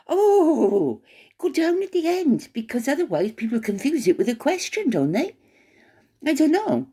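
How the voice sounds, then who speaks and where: A woman's voice: on the high side, huge pitch swings, moderate pace, mellow, husky. A woman giving an opinionated commentary monologue, scornful, with stammering restarts. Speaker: commentary vlogger.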